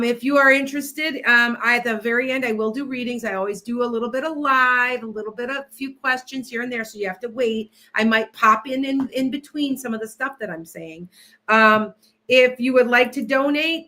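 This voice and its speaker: A woman's voice: on the high side, moderate pace, pushed and bright. A woman hosting a casual livestream, rambling and restarting often as she sets up and chats with viewers. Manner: rambling, distracted, many restarts. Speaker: livestream host and tarot reader.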